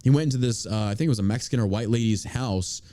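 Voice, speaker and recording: A man's voice: fairly low pitch, rapid-fire, mellow. A man hosting a podcast, ranting angrily and cursing in casual chat. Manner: angry profane ranting. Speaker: podcast host.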